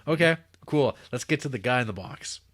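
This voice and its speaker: A man's voice: mid-range voice, expressive, brisk, fairly bright tone, no room sound, clean studio sound. A man co-hosting a podcast, casually recapping a film in a rambling way and acting out the scenes. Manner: rambling, self-interrupting, acting out scenes with quoted voices. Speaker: podcast co-host.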